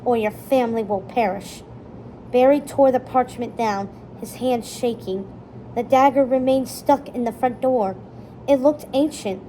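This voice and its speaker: A woman reads a children's chapter book aloud in a steady, expressive way. Her voice is warm and mellow, and it sits fairly high. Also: a little hiss or hum, poor audio. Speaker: storybook reader.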